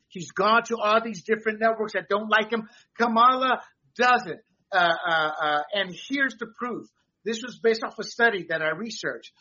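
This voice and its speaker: A high, bright-voiced man hosts a political talk show. He sounds a little husky, chats freely and laughs often as he reads out figures. The recording is slightly dull and lo-fi. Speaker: podcast host.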